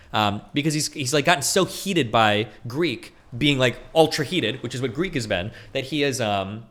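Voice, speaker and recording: A fast-talking man commentating on his livestream. He argues heatedly and swears freely, and his pitch swings widely as he drops into mocking voices. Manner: fast, heated, profane arguing with animated mock voices. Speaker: streamer reacting to a debate.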